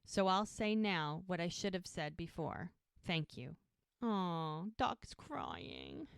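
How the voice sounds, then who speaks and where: On a podcast she co-hosts, a woman casually recaps a TV episode, acting out characters' lines as she retells scenes and laughing now and then. Her voice is lowish, expressive, slow, creaky, and smooth, captured in a dry, clean studio recording.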